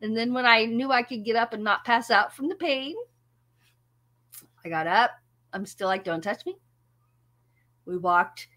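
A woman's voice: fairly high pitch, moderate pace, long pauses. A woman hosting a music channel, telling a story casually to her audience, laughing often and poking fun at herself. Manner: laughs often, animated and self-mocking.

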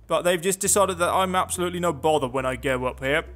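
A man's voice: a little high, fast, fairly bright tone, faint music behind. A man giving casual, sarcastic commentary while playing a video game, talking to himself. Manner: chatty, sarcastic, muttering to himself. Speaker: gameplay commentator. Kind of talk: casual let's play commentary.

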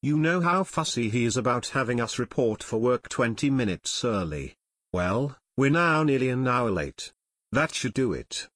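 A man voicing a calm, practical teenage boy detective who explains his plans, in an audiobook. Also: medium pitch, normal speed, no echo. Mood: plotting. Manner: level-headed, explaining.

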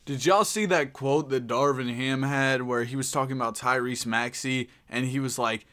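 A man giving excitable video game commentary, stammering and exclaiming, swinging from low grumbling to loud outbursts. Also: moderate pace, hardly any pauses. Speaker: gaming YouTuber.

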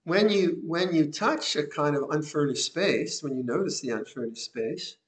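Older man, Buddhist teacher, unhurried reflective sermon, soft chuckles, slightly raised pitch. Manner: gentle, reflective, with soft laughs and repeated phrases. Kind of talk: Dhamma talk. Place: monastery hall.

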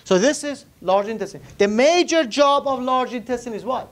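This anatomy teacher's voice is very high-pitched, with lively intonation and an ordinary speed. Lecturing to a live class, he keeps asking students questions and repeating key vocabulary as he writes on the board.

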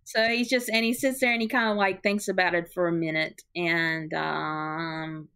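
A woman's voice: fairly low pitch, level tone, moderate pace, bright, forceful tone, clear, resonant tone. A woman game master narrates a tabletop game in a casual, rambling way. She restarts sentences and laughs often as she describes the action.

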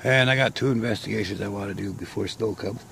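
A man talking casually outdoors in a vlog, sounding sick and short of breath, slow and rambling with pauses. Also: lowish voice, vocal fry, fairly bright tone, slight background noise. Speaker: vlogger. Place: outdoors in a garden grove.

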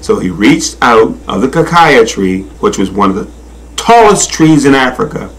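A man reading a children's storybook aloud in a slow, expressive, sing-song manner. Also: medium pitch, poor audio. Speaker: narrator.

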